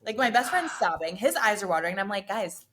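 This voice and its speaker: A woman's voice: medium pitch, sing-song, fast, fairly bright tone, slight background noise. A woman from the US East Coast, a podcast guest, telling a story in a chatty way and quoting herself. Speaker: interview guest. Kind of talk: casual storytelling.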